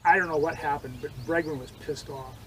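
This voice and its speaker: Older guy telling stories outside, kinda high voice, faint birds and outdoor noise behind. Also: a little fast, poor audio. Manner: animated storyteller, acts out quotes, swings loud and soft. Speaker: interviewee, former judo training partner. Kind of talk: storytelling interview.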